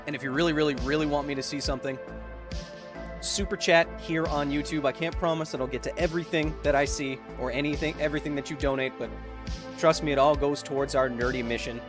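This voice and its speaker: This science YouTuber hosts a livestream, chatting casually and reading viewer donations aloud in an upbeat, joking manner with bursts of excitement. His voice sits a little high, he talks fast, and music plays underneath.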